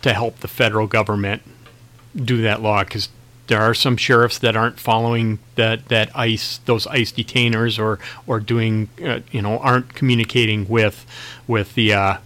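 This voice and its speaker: A middle-aged man, a county sheriff, answering questions in a radio interview, talking haltingly with many restarts and fillers. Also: lowish voice, flat delivery, fairly bright tone.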